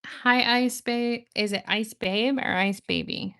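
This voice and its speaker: A woman's voice: on the high side, slow, pushed and bright. A woman chatting casually with viewers on a livestream, rambling and laughing often. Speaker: nail art livestream host.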